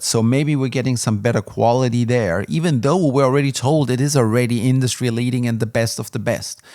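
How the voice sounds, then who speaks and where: A man's voice: mid-range voice, darkish tone, no room sound, clean studio sound. A man casually reviewing an audio interface, candid and rambling, with plenty of fillers. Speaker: music gear reviewer.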